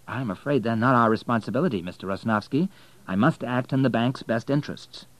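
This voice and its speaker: A man reading an audiobook, voicing a young male banker with a measured, formal, controlled delivery. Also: medium pitch, dry recording, voice pushed up, natural voice, low-quality recording.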